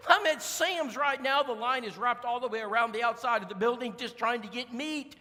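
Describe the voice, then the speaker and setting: A man's voice: extremely high pitch, normal speed, pushed and bright, big-room sound, pitched above the performer's own voice. A man voicing his frantic adult sister calling on the phone, urgent and insistent. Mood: alarmed.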